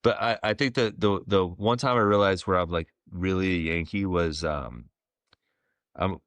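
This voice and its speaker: A man in his forties, a former ballplayer, telling stories as a podcast guest in a relaxed, rambling way with plenty of fillers. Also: deep voice, normal speed, no room sound. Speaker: guest, former pro baseball player. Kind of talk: casual storytelling interview.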